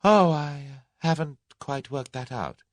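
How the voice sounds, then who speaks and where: A man voicing a spirited, quick-tempered young English woman with sharp, indignant retorts. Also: a little high, no echo, pitched above the performer's own voice.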